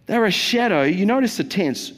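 A pastor with a high voice and lively intonation preaches at a normal pace in a church auditorium, where a long reverb tail follows his words. His sermon is jokey and conversational, with playful asides to the congregation.

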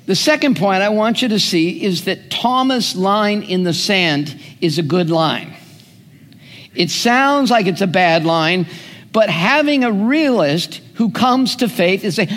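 Pastor type, man, high voice, slow earnest sermon delivery, long hall echo. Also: animated, fairly bright tone.

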